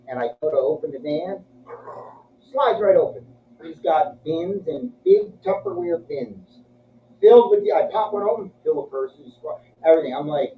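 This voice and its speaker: A man's voice: high voice, wildly swooping pitch, moderate pace, slight background noise. A man casually telling crude, profane stories and acting out the other people's lines. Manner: crude, profane, acts out voices in his stories. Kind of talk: casual storytelling chat. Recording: echoey, muffled room from a distance.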